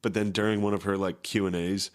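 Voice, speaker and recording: A man's voice: sits low, little pitch movement, quick pace. A man co-hosting a comedy podcast, chatting crudely and laughing while doing mocking voices. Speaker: podcast co-host. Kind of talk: casual comedy podcast banter.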